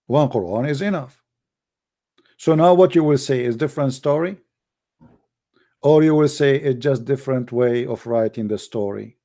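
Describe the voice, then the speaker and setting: Arabic-accented man, mocking and forceful. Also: medium pitch, moderate pace, long pauses. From Middle East. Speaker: apologetics show host. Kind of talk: live debate talk.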